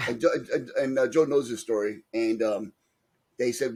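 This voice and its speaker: Man, Brooklyn accent, husky voice, mid pitch, podcast co-host, joking stories. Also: brisk, darkish tone. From Brooklyn, New York. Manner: joking anecdotal storytelling. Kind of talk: casual chat.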